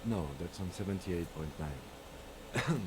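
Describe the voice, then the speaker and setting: A calm, formal police lieutenant. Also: male voice, deep voice. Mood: composed. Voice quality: measured, dry and formal. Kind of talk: video game voice acting. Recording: game audio with clear background noise.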